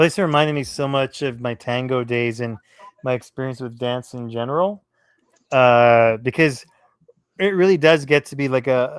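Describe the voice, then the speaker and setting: A man on a poetry show chatting and telling animated personal stories with playful asides. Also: medium pitch, smooth, no echo. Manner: animated storyteller, playful impressions. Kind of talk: casual chat, personal stories.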